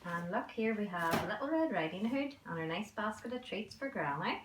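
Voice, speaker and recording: A preschool teacher reading a storybook aloud to young children in a gentle, expressive way. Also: female voice, medium pitch, moderate pace, noisy background. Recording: roomy echo.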